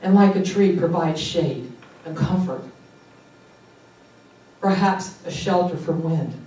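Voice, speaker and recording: A woman giving a sermon at a church service, enthusiastic and animated, with excited exclamations. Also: on the low side, slow, a little hiss or hum. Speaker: guest speaker at a church service. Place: large sanctuary during a service. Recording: echoey hall, picked up from a distance.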